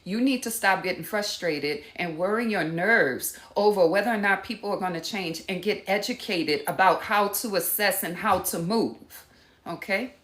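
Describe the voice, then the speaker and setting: A woman's voice: medium pitch, moderate pace, a bit bright, echoey room. A woman teaching empaths in a casual live talk, giving direct instructions and calling her viewers y'all. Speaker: empath coach.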